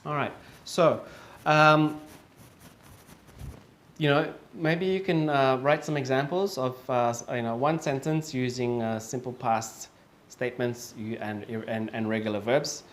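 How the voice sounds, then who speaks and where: A man's voice: medium pitch, fairly even intonation, unhurried, a little hiss or hum. A man teaching English pronunciation, patiently repeating each word for learners, with frequent fillers and self-corrections. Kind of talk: online pronunciation lesson.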